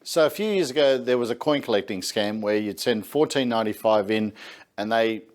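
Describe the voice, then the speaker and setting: An Australian man, the host, chatting in a relaxed, jokey way and introducing the next story. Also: fairly low pitch, brisk. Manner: relaxed, jokey, brief affirmations. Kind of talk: casual chat. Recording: noisy background.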